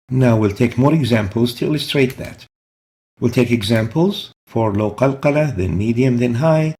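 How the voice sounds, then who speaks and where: A man teaching a recitation lesson, explaining each rule patiently and repeating example words slowly. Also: mid-range voice, darkish tone. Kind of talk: explaining tajweed rules step by step.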